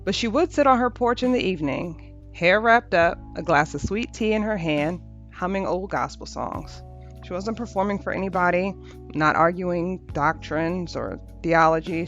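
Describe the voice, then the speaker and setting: A woman hosting a podcast, talking through a reflective spiritual monologue in a gentle, unhurried way, repeating phrases for rhythm. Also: lowish voice. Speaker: podcast host. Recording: dull lo-fi audio with faint music.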